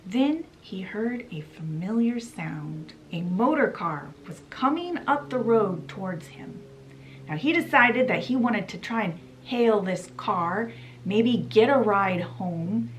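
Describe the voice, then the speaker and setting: A woman's voice: medium pitch, animated, takes it slowly, slight background noise. A woman hosting a book channel, retelling a classic story in a chatty, casual way. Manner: chatty, fills with "you know" and "he's like".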